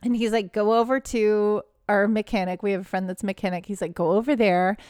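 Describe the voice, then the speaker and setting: A woman co-hosting a podcast, chatting casually and telling lively stories, laughing often. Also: mid-range voice, a little fast, clear, resonant tone, dry recording, clean studio sound. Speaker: podcast co-host. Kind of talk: casual chat.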